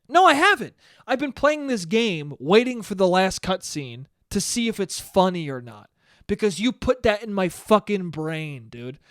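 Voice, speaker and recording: A young man hosting a solo podcast, telling a story in a ranting, profane, animated way. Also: high-pitched, no echo, studio quality. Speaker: podcast host. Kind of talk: solo casual monologue.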